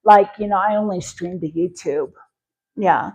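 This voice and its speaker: Cooking on a livestream, a Wyoming woman chats casually and answers viewer comments, leaning on folksy sayings and many fillers. Her voice is fairly low, unhurried, gravelly, husky and darkish in tone, in a rough recording.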